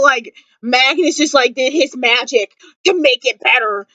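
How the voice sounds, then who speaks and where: Bubbly high-voiced woman gushing to camera. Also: animated, normal speed, fairly bright tone, no room sound, dull audio. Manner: gushing, dramatic, lots of "like" and fillers. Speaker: vlogger reviewing a TV episode. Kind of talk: excited fan review chat. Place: indoors at home.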